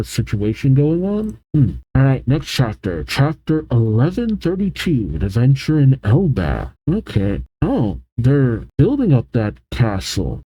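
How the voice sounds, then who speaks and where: Manga reaction host, a man with a very dark, mellow voice and a lively delivery, dry close sound. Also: mid-range voice, dry recording, poor audio. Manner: animated, switching between narration and amazed asides. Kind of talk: reading a manga aloud with reactions.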